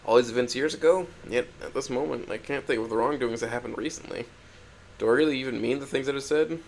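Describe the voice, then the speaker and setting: Gravelly man reading an emotional story. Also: mid-range voice, fast, a little hiss or hum. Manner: emotional, swings from hurt to shouting anger. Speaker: narrator. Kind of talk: first-person dramatic story reading.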